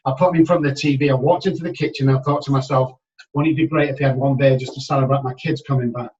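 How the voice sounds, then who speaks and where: An emphatic man in his 60s, a guest and recovery expert, tells his story candidly on a podcast. His medium-pitched voice swings between hushed and loud. The podcast audio sounds dull and distant.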